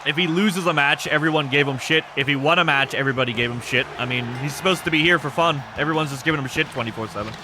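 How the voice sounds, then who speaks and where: A man in his thirties hosting a game stream, chatting casually and answering chat in a rambling, self-described monotone. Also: a little high, fast talker, few pauses, background noise. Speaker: streamer hosting an e-fed wrestling show.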